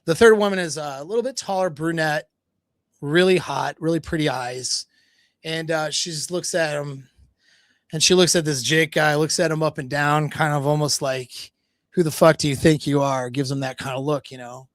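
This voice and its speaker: A man tells a dating story on a livestream, slipping into quoted back-and-forth and stumbling over his words as he goes. His voice sits a little high for a man, recorded close and dry with no room echo. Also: normal speed, a bit bright. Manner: casual retelling with quoted dialogue, frequent restarts and laughs; swears casually. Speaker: dating coach.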